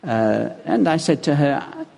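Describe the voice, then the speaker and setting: A man preaching from the pulpit, his gravelly, husky voice rising and falling with real animation. He tells his stories with chuckles, and a long reverb from the big church hall trails after each phrase. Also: fairly high pitch, slow pace. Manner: lively anecdotal preaching with chuckles. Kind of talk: sermon.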